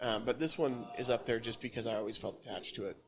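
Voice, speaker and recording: A man's voice: medium pitch, quick pace. A man co-hosting a podcast in a coffee and comic shop, chatting casually with lots of fillers and restarts. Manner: rambling, filler-heavy. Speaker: podcast co-host. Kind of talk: casual chat. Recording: busy café crowd behind. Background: café crowd chatter.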